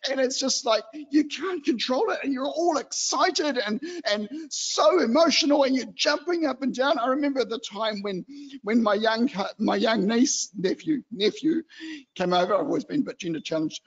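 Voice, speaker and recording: A man from New Zealand giving an animated, chatty exhortation in a church hall. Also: extremely high pitch, moderate pace, husky, lo-fi sound. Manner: chatty and animated, acts out excited children. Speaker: lay preacher.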